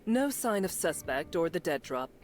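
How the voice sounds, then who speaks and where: Brash, gruff female cop, low voice, curt threats, game dialogue with a soft music bed. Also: big pitch swings, normal speed. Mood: tough. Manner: blunt, clipped, threatening cop talk. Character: brash tough female police detective, aggressive and flirty. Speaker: detective. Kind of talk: video game voice acting.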